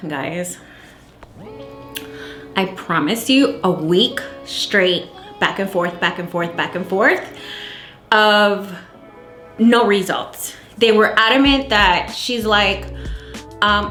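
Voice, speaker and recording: A woman vlogging casually about her small business, animated and exasperated as she acts out both sides of a dispute. Her medium-pitched voice bounces around a roomy space. Faint music plays underneath. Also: slow pace. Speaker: candle maker vlogger. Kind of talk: casual vlog storytelling. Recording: echoey room, faint music.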